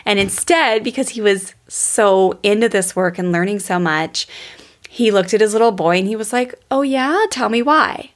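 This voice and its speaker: A woman's voice: medium pitch, normal speed. A woman hosting a parenting podcast in a casual, enthusiastic way, often speaking straight to her listeners. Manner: enthusiastic, chatty, addresses listeners as "you guys". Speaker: podcast host and parenting coach.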